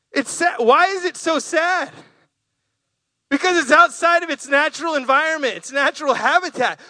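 A man preaching, telling animated stories and acting out animals with playful voices. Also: extremely high pitch, no room sound. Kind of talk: storytelling sermon.

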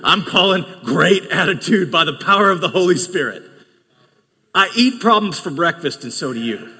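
Animated, high-pitched male pastor preaching. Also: moderate pace, husky. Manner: animated preaching with bursts of shouting. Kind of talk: sermon. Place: church sanctuary. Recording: long reverb of a large hall.

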